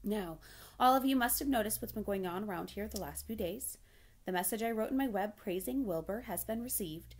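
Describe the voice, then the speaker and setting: A woman voicing a wise, bossy female spider who runs a barnyard meeting, in a crisp, precise, slightly tart manner. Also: medium pitch, expressive, brisk, pitched above the performer's own voice. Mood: brisk. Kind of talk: storybook reading.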